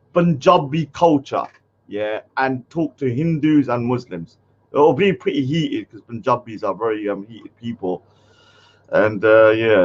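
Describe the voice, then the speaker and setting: A man's voice: mid-range voice, highs cut off. A man hosting a casual livestream, rambling with lots of fillers and getting easily annoyed. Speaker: host.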